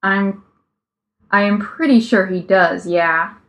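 A flustered young man from a read-aloud story, put on by a woman narrator. He talks slowly and haltingly, tripping over his words. The voice sits at a middling pitch. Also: a bit bright. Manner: hesitant, stammering. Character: flustered young man, oblivious best friend.

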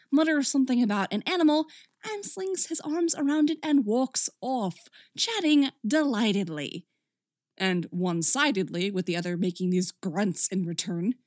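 A woman reading a story aloud with expressive, wry narration, recorded close up. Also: fairly high pitch, dry recording.

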